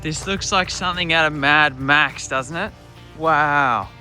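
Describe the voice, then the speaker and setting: A man's voice: fairly high pitch, a little slow, bright, forceful tone. A young Australian man chatting casually and joking in a laid-back travel vlog. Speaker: travel vlogger. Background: background music.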